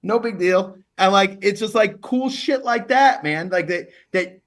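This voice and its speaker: A man, a lawyer, telling stories in a relaxed interview, chatty and full of repeated words. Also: high-pitched, a little slow. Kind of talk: casual interview storytelling.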